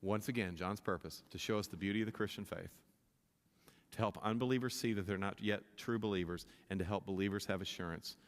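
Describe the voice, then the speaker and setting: Guy preaching a sermon, kinda low voice, gets fired up and loud, lots of restarts, big echoey church. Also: fairly quick. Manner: impassioned, rising in pitch and volume at climaxes, many restarts. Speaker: pastor. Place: church sanctuary. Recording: long reverb of a church hall.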